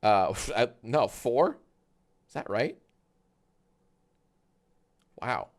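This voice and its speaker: A man streaming live and reacting to a clip, talking in a halting, rambling way with sudden swearing outbursts. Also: mid-range voice, sing-song.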